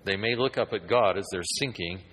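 A man's voice: lowish voice, fairly quick, a bit bright, in a large hall, rough recording. A man preaching a sermon in a conversational, rambling way that builds to emphatic points.

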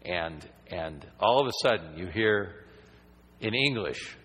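Man preaching, husky voice, lowish pitch, long hall reverb, rambling then emphatic. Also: lively intonation, slow, fairly bright tone. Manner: conversational, rambling with restarts, rising to emphatic preaching. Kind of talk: sermon.

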